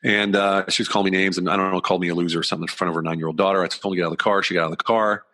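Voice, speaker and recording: A man with a very low, deep voice speaks as a podcast guest. He tells a personal story candidly and earnestly. His sentences ramble and he often restarts them mid-thought. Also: steady tone, very fast, bright, forceful tone. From United States.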